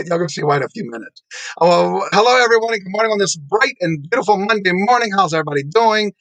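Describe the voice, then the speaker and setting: A man's voice: high voice, lively intonation, fast, fairly bright tone, no room sound. A man hosting a casual live show, greeting viewers one by one and laughing often. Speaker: host.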